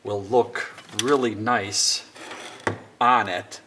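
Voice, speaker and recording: A man's voice: lowish voice, fairly even intonation, extremely slow, bright, forceful tone. A young man casually explaining a DIY woodworking project, rambling a bit and joking at his own expense. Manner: rambling, self-deprecating joking. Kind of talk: casual how-to narration. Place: home workshop. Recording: noisy workshop recording. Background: workshop noise, sanding and clicks.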